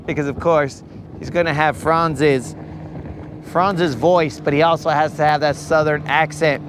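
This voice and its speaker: Slow, rambling young male streamer. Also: fairly high pitch, fairly even intonation, background noise. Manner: rambling, joking, slow-paced. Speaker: fishing livestream host. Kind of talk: casual live-stream chat. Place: on a boat on a lake.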